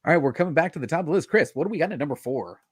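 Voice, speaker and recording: Man hosting a comic show, lively pitch, jokey, dry sound. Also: very fast, breathy edge, dry recording. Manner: joking, laughs often. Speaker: host. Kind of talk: casual chat about comics.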